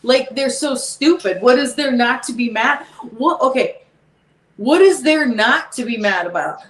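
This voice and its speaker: Slow-talking exasperated woman, echoey room. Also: high-pitched, lively intonation. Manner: exasperated, laughing, repeats herself. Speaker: podcast host. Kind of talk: casual podcast chat.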